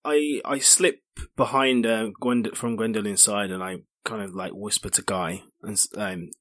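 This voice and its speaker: A man playing at a tabletop game, hesitant and halting. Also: on the low side, steady tone, fairly bright tone, dry recording. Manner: hesitant, drops to a whisper. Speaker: player. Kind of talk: tabletop role-play.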